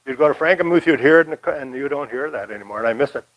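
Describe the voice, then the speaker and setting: A man's voice: mid-range voice, racing, a bit bright, rough recording. An older man from Michigan giving a casual, rambling local history talk, folksy with many fillers. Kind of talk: casual lecture.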